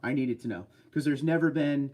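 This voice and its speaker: A man's voice: medium pitch, brisk, darkish tone. A man hosting a casual livestream from a desk chair at home, chatty as he reads viewer comments aloud and answers them. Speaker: livestream host.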